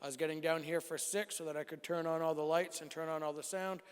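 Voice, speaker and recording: Male youth speaker, 40s, higher register, animated storyteller, reverberant church hall. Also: fast, smooth. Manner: animated storytelling, acts out dialogue. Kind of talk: sermon testimony.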